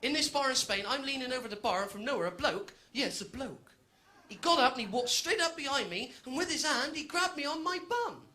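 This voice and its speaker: High-voiced cheeky stand-up comedian man. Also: animated, brisk, sharp tone. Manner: chatty, cheeky storytelling to a live crowd. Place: live venue with audience.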